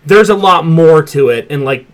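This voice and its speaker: A man's voice: fairly high pitch, animated, normal speed. A man hosting a casual pop culture chat show, talking loosely and swearing freely. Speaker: podcast host.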